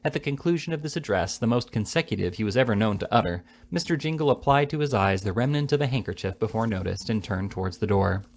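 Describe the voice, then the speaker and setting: A man reading a classic novel aloud in steady narration. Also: lowish voice, quick pace, few pauses. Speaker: reader.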